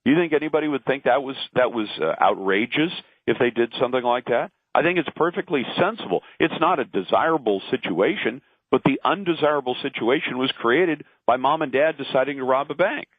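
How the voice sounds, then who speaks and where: Speaking at medium pitch, expressive and a little fast with few pauses, this middle-aged radio talk host and guest delivers argumentative, opinionated commentary, mimicking the people he quotes. He's from the Pacific Northwest and lives in Portland. The audio comes over a dry, tinny phone line without echo.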